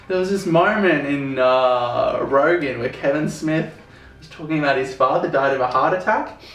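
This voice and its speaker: A man's voice: a little high, moderate pace, fairly bright tone. Young man chatting in an echoey room. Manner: laughs often, swears, retells stories. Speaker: podcast co-host. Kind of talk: casual review chat. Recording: roomy room, distant mic.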